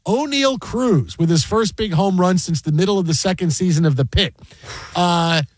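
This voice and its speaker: High-voiced, rambling man talking sports. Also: no echo. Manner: rambling, animated storyteller with quick asides. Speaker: sports talk show host. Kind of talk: casual sports banter.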